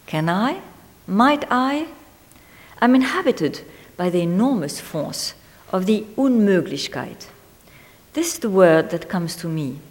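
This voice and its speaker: A woman reading a literary essay aloud in a measured, deliberate way, lingering on single words. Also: medium pitch, big pitch swings. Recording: long hall reverb.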